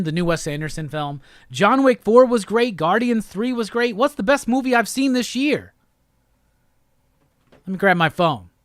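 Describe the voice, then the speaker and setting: A man's voice: high voice, fairly bright tone, no room sound, clean studio sound. A man hosting a live pop-culture stream, ranting with lots of profanity and exasperation. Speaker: host.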